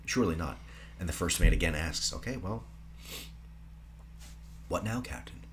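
Very deep-voiced man retelling a film. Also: animated, normal speed, a little hiss or hum. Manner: retells the plot dramatically, trailing into soft low whispers. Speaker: podcast co-host. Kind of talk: casual film recap podcast.

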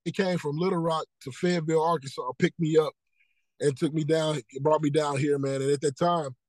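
High-voiced man telling his testimony. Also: fairly even intonation, fairly quick, a little mellow, no echo, low-quality recording. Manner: earnest storytelling, repeats key phrases, acts out dialogue. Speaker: podcast guest, motivational speaker. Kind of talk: personal testimony in casual interview.

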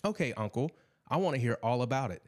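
A man voicing an excited young boy who is a sports fan, in a storytelling reading. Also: fast talker, close to an everyday voice. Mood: curious. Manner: high-pitched and excited.

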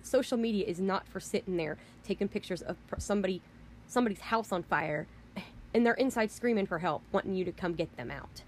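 Woman, vlogger, indignant storytelling rant; mid-pitched, rambling, swears when exasperated. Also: fairly quick, slight background noise. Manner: indignant, rambling, repeats "you know" and "I mean".

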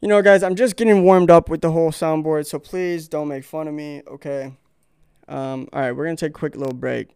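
A man's voice: fairly high pitch, fairly even intonation, brisk, darkish tone, clear, resonant tone, no room sound. A young man hosting his own podcast, telling rambling, profane stories and acting out quotes in a casual monologue. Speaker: podcast host.

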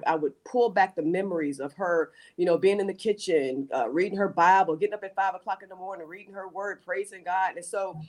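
A middle-aged woman pastor speaks with earnest conviction, looping back and repeating words as she searches for her phrasing. Her voice sits in an ordinary middle range, neither high nor low. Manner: earnest, repeats words and restarts, faith language. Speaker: pastor, guest. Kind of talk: testimony in casual talk.

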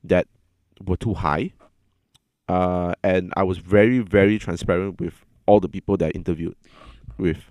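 A man telling a personal story in a casual chat, earnest and halting, often repeating his words as he gathers his thoughts. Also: sits low, fairly even intonation, a little mellow, no echo, clean studio sound.

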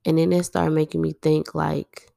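A young woman in her twenties talks through her feelings in a loose, rambling monologue. Her voice is gravelly with a flat, level melody. It sounds dry and close. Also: sits low, moderate pace, no echo. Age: 20s. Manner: rambling, heavy use of "like", candid and self-reflective. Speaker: podcast host. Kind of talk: personal confessional monologue.

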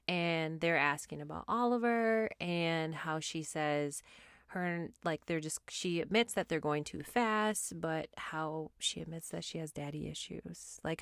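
A woman with a fairly low voice hosts her own podcast, ranting with sassy exasperation and the odd curse word. The recording is dry and close, with no room sound around her. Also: clean tone, no echo. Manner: animated, sassy, exasperated ranting with frequent swearing. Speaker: podcast host. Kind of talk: solo opinion podcast, ranting and reality TV recap.

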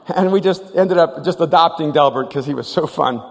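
A man's voice: a little high, fast talker, gravelly, hardly any pauses. A man preaching a sermon, telling stories animatedly, acting out the voices and often restarting his sentences. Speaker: pastor. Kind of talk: sermon storytelling. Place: large church hall. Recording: live church hall with reverb.

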